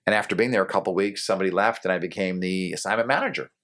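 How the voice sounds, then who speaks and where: Man, middle-aged, very low voice, from New England, faint regional accent, relaxed rambling storyteller, podcast interview guest. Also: rapid-fire. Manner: rambling, many fillers and restarts. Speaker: guest, television news anchor.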